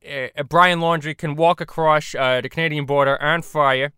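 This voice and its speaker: Man voicing hot-headed bounty hunter parody, gruff swearing rants, dry close sound. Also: a little high, fairly even intonation, moderate pace, sharp tone, dry recording. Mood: ranting. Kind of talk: parody voice acting.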